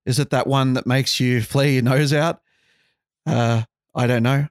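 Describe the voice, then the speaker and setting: A man's voice: mid-range voice, steady tone, measured pace, no echo, clean studio sound. A man hosting a podcast, talking through ideas in a casual, wry and musing way with sarcastic asides. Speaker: podcast host.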